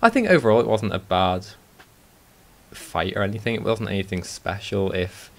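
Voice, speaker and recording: A man co-hosting a podcast, relaxed and teasing as he gives his views on a game update. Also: on the low side, moderate pace, a little hiss or hum. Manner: laid-back and teasing, laughs easily. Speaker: podcast co-host. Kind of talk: casual podcast chat.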